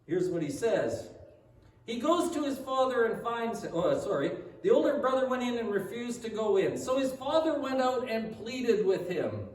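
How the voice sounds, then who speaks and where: A man's voice: very high-pitched, roomy sound, distant mic, rough recording. A man preaching a sermon as a pastor, reading scripture aloud and then voicing the older son's complaint with rising intensity.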